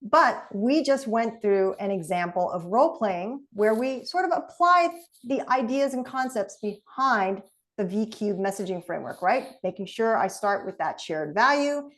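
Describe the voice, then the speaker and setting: A woman trainer speaks in a mid-range voice over a video call, coaching in a lively, conversational way. She leads the session with an easy, direct delivery, and her pitch sits neither high nor low. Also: normal speed.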